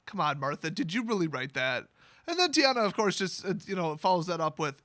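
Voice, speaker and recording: A man's voice: high-pitched, very animated, moderate pace, sharp tone, dry recording. Sarcastic man mocking a fantasy story. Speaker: video host retelling a fantasy novel. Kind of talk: sarcastic comedic story retelling.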